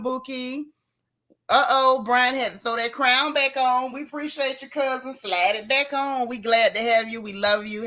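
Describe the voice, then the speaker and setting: Bright-voiced woman livestream host. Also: high voice. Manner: greets viewers one by one with pet names like girl, sis and boo. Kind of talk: casual livestream chat.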